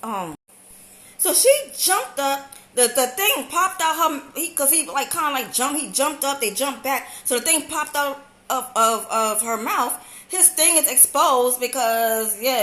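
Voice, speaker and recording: High-voiced young woman telling a story. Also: unhurried, roomy sound. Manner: animated, slangy, repeats herself. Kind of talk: storytime vlog.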